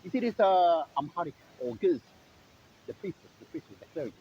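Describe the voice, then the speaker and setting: A man's voice: on the high side, animated, moderate pace, warm tone, dull audio, slight background noise. A man from Eritrea, talking in a rambling, sarcastic monologue full of "like, you know". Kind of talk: casual monologue.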